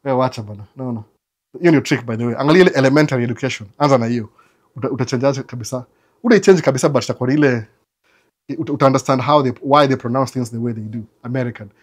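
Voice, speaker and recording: A man's voice: medium pitch, very fast. A man with a Kenyan accent hosting a casual livestream, chatting with viewers in a loose, talkative way full of restarts. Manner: code-switching, chatty, stammering restarts. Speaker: livestream host answering viewers.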